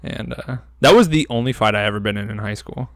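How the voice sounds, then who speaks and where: A man's voice: on the low side, fast, vocal fry, fairly bright tone, no echo, clean studio sound. A young man co-hosting a podcast, telling a story in a loose, rambling way with lots of fillers and swearing. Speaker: podcast co-host. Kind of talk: casual storytelling.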